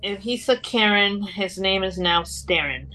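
A woman's voice: medium pitch, animated, measured pace, bright, forceful tone, soft background music, rough recording. A woman co-hosting a true crime podcast, chiming in with short, playful remarks. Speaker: podcast co-host. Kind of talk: casual chat.

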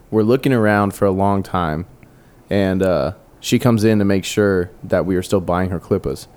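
A young man co-hosting a casual podcast, telling stories in a loose, swearing way and acting out the people in them. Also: fairly low pitch. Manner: swearing, animated storyteller who acts out shouted quotes. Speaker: podcast co-host. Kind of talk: casual storytelling chat.

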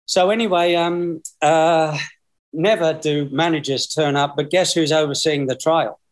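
This guest, an Australian man in his sixties, chuckles his way through lengthy, wandering anecdotes on a video call. His voice sits on the high side, steady in tone and a little slow.

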